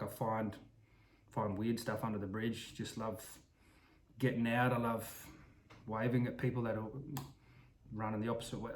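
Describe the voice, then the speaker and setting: A man telling an improvised story in a casual, rambling way, full of restarts and asides. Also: medium pitch. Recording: roomy echo.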